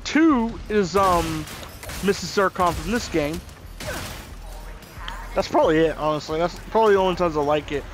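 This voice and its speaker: High-voiced young man rambling. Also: moderate pace, pauses often. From Southern US. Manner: rambling, opinionated, many fillers and restarts. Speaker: gameplay commentator. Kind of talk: casual gameplay commentary. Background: game music.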